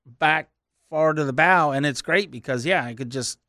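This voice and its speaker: A man's voice: fairly high pitch, moderate pace, pushed and bright, dry recording, studio quality. A man co-hosting a fishing show, explaining things easily in casual chat. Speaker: fishing forecast co-host, captain.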